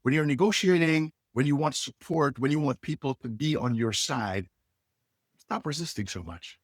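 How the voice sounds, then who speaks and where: A middle-aged man, a leadership coach, telling stories with lively inflection and acting out the dialogue. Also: on the high side, moderate pace, breathy edge, dry recording, studio quality. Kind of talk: animated storytelling.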